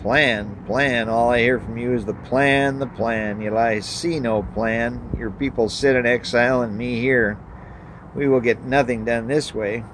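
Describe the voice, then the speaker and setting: A man's voice: mid-range voice, fairly even intonation, measured pace, a bit bright, slight background noise, natural voice. A man voicing Daniel, a defiant male prophet who talks bluntly and sarcastically. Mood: exasperated.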